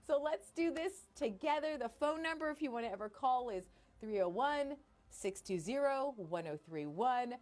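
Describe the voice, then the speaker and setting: Lively, chatty woman radio host. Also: sits high, normal speed. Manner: chatty, bubbly, self-deprecating. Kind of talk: casual live-stream chat. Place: radio station studio.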